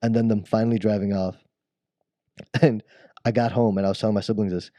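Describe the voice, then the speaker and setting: A man with a warm, lowish, steady voice tells a rambling childhood story at a moderate pace while co-hosting a podcast, interrupting himself and laughing along the way. There's no echo on the recording.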